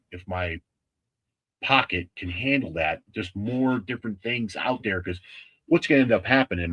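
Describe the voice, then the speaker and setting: A man hosting a casual livestream with a husky voice, talking in a rambling, halting way with many restarts. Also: fairly low pitch, bright, forceful tone. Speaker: livestream host.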